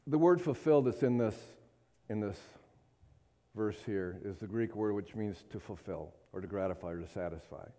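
His voice is fairly low and dark, moving at a moderate pace as he preaches. The sermon is emphatic and fervent, with frequent requests for an amen and surges to impassioned peaks.

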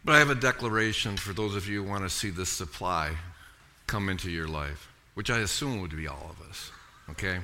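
A man's voice: fairly low pitch, bright, forceful tone, slight background noise. A middle-aged man preaching a sermon, emphatic, often repeating and restarting words and calling for amens. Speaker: pastor.

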